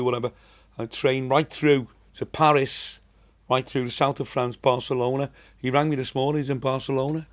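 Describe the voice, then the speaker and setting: A man in his sixties with a Liverpool accent, a comedian telling rambling, chatty anecdotes as a podcast guest. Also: medium pitch. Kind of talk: casual storytelling.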